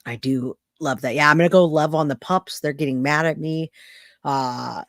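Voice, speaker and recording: Blunt, animated woman hosting a livestream. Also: low-pitched, moderate pace, dry recording, clean studio sound. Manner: animated, blunt, disgusted outbursts. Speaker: livestream host. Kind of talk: casual livestream chat.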